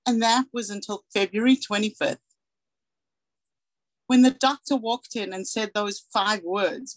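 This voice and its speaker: A woman's voice: medium pitch, unhurried, pauses often, dry recording, low-quality recording. A woman in her forties from South Africa, giving a candid, earnest personal talk as a guest speaker and acting out the dialogue she recalls.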